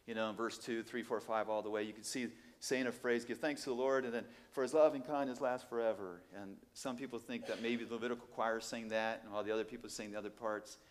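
Male preacher, middle-aged, animated, emphatic, rhetorical questions, mid-pitched voice. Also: fast, few pauses, in a large hall. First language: Portuguese. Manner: animated, emphatic, swings from low asides to loud exclamations, rhetorical questions. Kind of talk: sermon.

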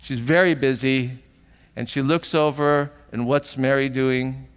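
A man's voice: mid-range voice, fairly even intonation, measured pace, smooth, big-room sound. A man preaching a sermon as pastor, earnest and emotional, often asking the congregation questions, at times tearful.

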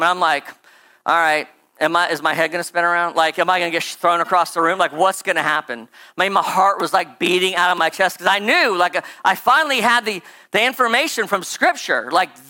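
A preacher giving a casual, conversational sermon, rambling and animated with lots of "like" and "right?" asides. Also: medium pitch.

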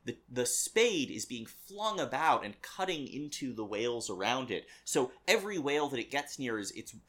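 A man co-hosting a casual book discussion, chatty and quick to finish his partner's points. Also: mid-range voice, sing-song, a bit bright. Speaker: podcast co-host discussing a novel.

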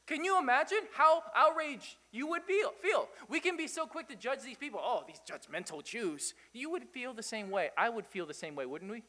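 Speaking at an even, moderate clip, this pastor with a high voice preaches with real energy. He keeps poking at his audience through rhetorical questions and chuckles repeatedly, while a long reverb tail lingers after his words.

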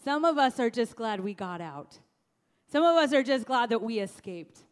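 A woman pastor preaching a sermon, telling stories in an animated way and speaking directly to the congregation. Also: fairly high pitch, moderate pace, smooth. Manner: animated storytelling, addresses congregation.

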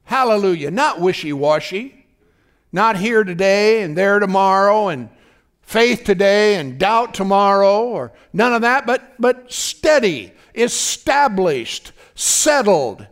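High, lively-voiced male preacher. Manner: fervent preaching, frequent "praise God" and "are you listening to me?". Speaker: pastor. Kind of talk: sermon.

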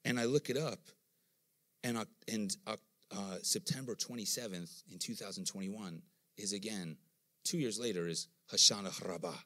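A man's voice: lowish voice, moderate pace. A middle-aged man preaching a sermon, telling stories and acting out the voices he quotes. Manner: animated storytelling, acts out quoted voices.

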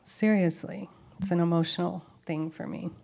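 A woman's voice: fairly low pitch, steady tone, normal speed, gravelly, mellow. Earnest woman leading a Bible study. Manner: earnest, conversational, reflective. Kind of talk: informal Bible teaching. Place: room with tables of women listeners.

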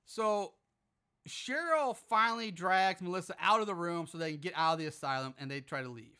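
A man's voice: sits high, fairly quick, bright, forceful tone, smooth. Profane, exasperated man recapping a movie. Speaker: podcast host.

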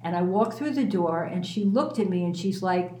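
A woman candidly telling a personal story as a guest, animated and self-mocking, swearing freely. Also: lowish voice, moderate pace, roomy sound.

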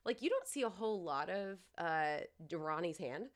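Woman, casual movie talk, very expressive intonation, quick asides, laughs often. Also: on the low side. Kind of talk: casual movie recap chat.

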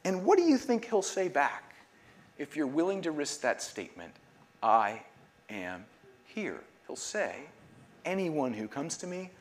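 A man's voice: a little high, very animated, a little slow. A man preaching a sermon as pastor, earnest, leading a call-and-response prayer and dropping to near-whispers to stress a point.

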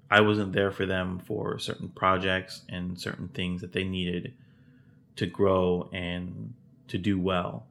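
A man's voice: deep voice, vocal fry, a bit bright. A middle-aged man hosting a solo podcast, talking earnestly and from the heart, rambling with restarts. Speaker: podcast host.

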